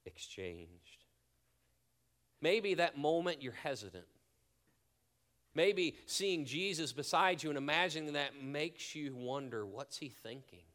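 A man preaching a sermon as pastor, earnest and deliberate, often dropping to a hushed near-whisper for emphasis, and leading a prayer. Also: medium pitch. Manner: leads a spoken prayer.

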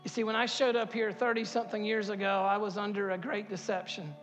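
Fifties male pastor, high-pitched and fervent, sanctuary with long reverb. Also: flat delivery, fast talker, highs cut off, over music. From Harkers Island, North Carolina. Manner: builds to loud impassioned preaching, repeats words, asks the crowd questions. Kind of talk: sermon. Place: church sanctuary.

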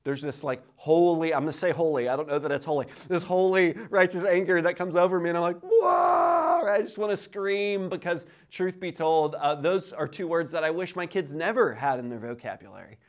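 Guy pastor in his 30s preaching, kinda high voice, really animated, repeats words a lot. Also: brisk, hardly any pauses. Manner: lively, animated storytelling with quoted voices; repeats words when starting sentences. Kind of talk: sermon.

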